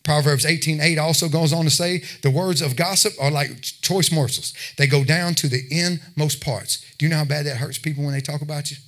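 A man preaching a sermon in a somewhat high voice. He talks to his listeners in a loose, conversational way, then presses his points with emphatic exhortation. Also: fairly even intonation, brisk, few pauses, fairly bright tone. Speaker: pastor.

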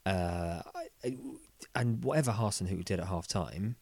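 Man, podcast co-host: animated, laughing, swears freely, dry close sound. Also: deep voice, moderate pace, no echo. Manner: animated, laughing, swearing, lively mock voices. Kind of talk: casual chat.

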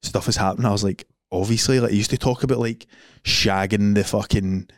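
A man's voice: lowish voice, fairly even intonation, fairly quick, no echo, studio quality. A young Scottish man co-hosting a podcast, chatting casually and rambling with lots of swearing and fillers. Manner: rambling, swearing, laughing a lot, filler-heavy. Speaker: podcast co-host. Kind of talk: casual chat.

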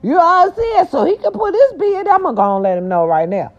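An older woman from the American South hosts a vlog, delivering a casual rant to her viewers in a very high voice, a little fast. She's brash and lively, animated, growling and breaking into song. The audio is dull and lo-fi.

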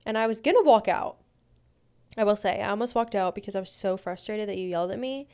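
A woman co-hosting a casual podcast, rattling off a lively personal story with plenty of "like". Her voice is smooth and clear, at a middling pitch. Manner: animated, fast anecdotes full of "like". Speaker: podcast co-host.

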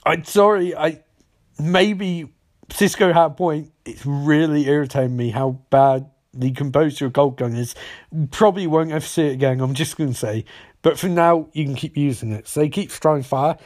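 A man's voice: fairly high pitch, moderate pace, darkish tone. A man casually retelling a TV episode, rambling, swearing and throwing in comic asides. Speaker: recapper.

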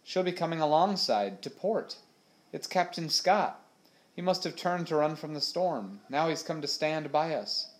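A man reading aloud, voicing a rough, mocking male ship's mate in a raised, scoffing voice. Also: a little high, expressive, measured pace, pitched above the performer's own voice. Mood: commanding.

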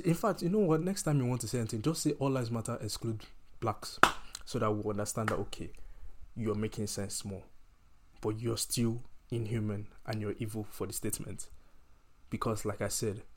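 Man in an impassioned rant. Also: medium pitch. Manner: heated, emphatic, repeats and restarts phrases.

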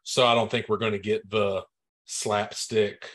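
A man's voice: lowish voice, level tone, measured pace, a bit bright. A man co-hosting a movie podcast, talking in a laid-back, matter-of-fact casual chat. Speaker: podcast co-host.

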